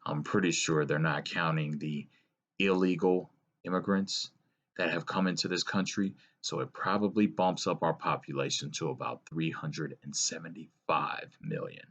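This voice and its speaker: Very deep husky man lecturing. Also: fairly even intonation, normal speed, a bit bright, lo-fi sound. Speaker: political commentator. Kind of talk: solo opinion monologue.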